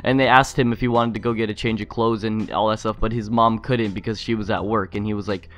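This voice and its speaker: Rambling, foul-mouthed young vlogger. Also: male voice, lowish voice, steady tone, fast, fairly bright tone. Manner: rambling, profane, filler-heavy. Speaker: YouTuber. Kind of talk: casual storytelling vlog.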